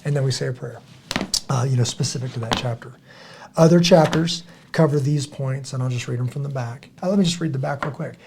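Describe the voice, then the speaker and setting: A man's voice: medium pitch, fairly quick, vocal fry, slight background noise. A middle-aged man hosting a podcast, telling stories in casual, earnest talk and acting out the quotes he tells. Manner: earnest, animated storytelling with acted quotes. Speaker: podcast host.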